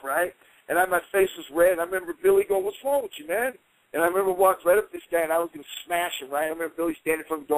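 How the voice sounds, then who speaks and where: A middle-aged man telling a story in a casual interview, animated and heated as he retells it. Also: on the high side, dry recording, poor audio. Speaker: interview guest.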